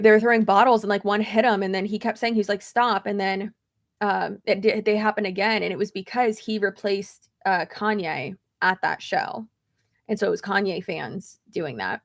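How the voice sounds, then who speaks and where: A woman vlogger tells a story in loose casual chat, full of fillers, restarts and animated asides. Her voice carries a gravelly, fry-tinged edge at a middle pitch. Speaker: beauty vlogger.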